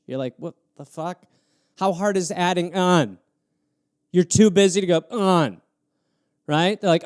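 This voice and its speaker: A man hosting a livestream, riffing on viewer prompts in an animated, sarcastic comic manner. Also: sits high, normal speed, no room sound, clean studio sound. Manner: animated, sarcastic, jumps between mock voices and asides. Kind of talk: solo improvised comedy riff on a livestream.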